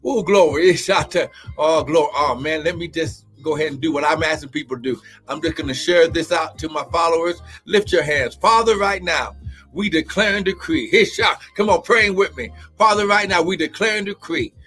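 A man preaching and praying fervently in a live-streamed sermon, often shouting and whooping and breaking into tongues. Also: fairly high pitch, brisk, husky, faint music behind.

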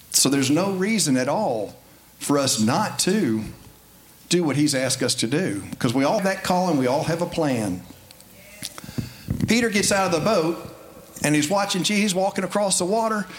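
A man preaching a folksy, conversational sermon in a church, building to emphatic high points. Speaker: lay preacher. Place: church sanctuary. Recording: faint background noise.

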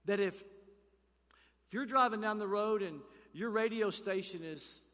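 Male pastor mid-sermon, bright, slightly high voice, call-and-response with the room, church hall echo. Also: measured pace. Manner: preaching with swings between loud emphatic calls and hushed near-whispers; asks the congregation questions and leads call-and-response. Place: church sanctuary.

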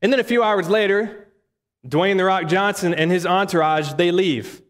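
A man's voice: sits high, moderate pace. A man preaching a sermon in a conversational way, often asking the listeners rhetorical questions. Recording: echoey hall reverb.

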